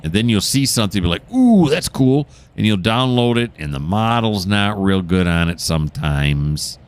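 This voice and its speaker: A man's voice: low voice, normal speed, smooth. A man casually commenting while playing a train game, rambling and correcting himself as he goes. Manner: rambling, self-correcting, chatty. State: hiccuping. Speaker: gameplay host.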